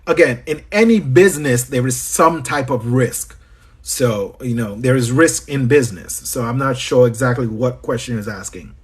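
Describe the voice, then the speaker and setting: Speaking at a moderate pace in a medium-pitched, slightly rough voice with lively intonation, a business coach from Trinidad coaches viewers on a livestream Q&A. His Trinidadian accent comes through as he chats, greets people by name and repeats phrases.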